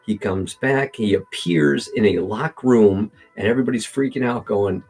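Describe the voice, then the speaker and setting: A man with a gravelly, husky voice reacts to a video in casual, argumentative commentary. His tone sits dark and mellow, lively as he pushes back point by point, with faint music underneath. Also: fairly low pitch, brisk, hardly any pauses. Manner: animated, argumentative, talks to himself while editing.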